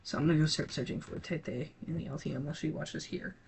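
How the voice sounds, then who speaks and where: A teenage gaming creator talking casually to viewers, halting and scattered, with many restarts and trailing thoughts. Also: medium pitch, steady tone, creaky, darkish tone, a little hiss or hum. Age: teens. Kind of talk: casual rambling talk to viewers.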